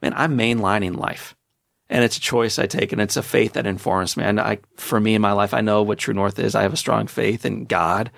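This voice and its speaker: A man in his forties speaks as a podcast guest, driving each point home with emphatic, preacher-like energy. His voice sits a little low and has a gravelly edge. The sound is dry and close. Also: fairly even intonation, fairly quick, fairly bright tone, no echo. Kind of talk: motivational storytelling.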